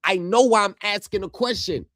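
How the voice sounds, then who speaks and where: A man's voice: high-pitched, normal speed, no echo, clean studio sound. Man ranting at court footage. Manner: heated, yells at the screen; addresses viewers directly. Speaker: streamer reacting to court footage. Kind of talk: live stream commentary.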